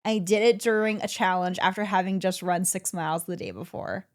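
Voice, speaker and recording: A woman co-hosting a casual podcast, telling a story with excitement and laughing often. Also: on the low side, brisk. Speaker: podcast co-host.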